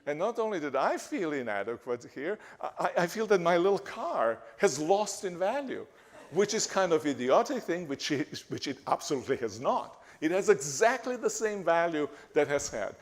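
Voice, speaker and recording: A man giving a talk in a church, speaking haltingly with frequent restarts and fillers. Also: fairly high pitch, very animated. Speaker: guest speaker. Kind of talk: church lecture. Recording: reverberant church hall.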